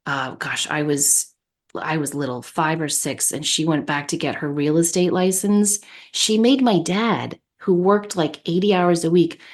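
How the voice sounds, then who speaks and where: A woman co-host tells a personal story in relaxed, animated conversation. Her voice sits on the low side, and she talks in an anecdotal way with easy laughter. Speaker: podcast co-host. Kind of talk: casual storytelling chat.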